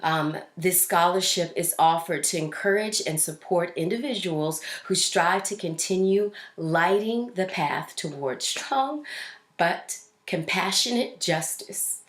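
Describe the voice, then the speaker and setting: A woman's voice: lowish voice, slow pace, roomy sound. A woman hosting a casual news commentary show, talking in a chatty way with fillers and restarts. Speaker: host.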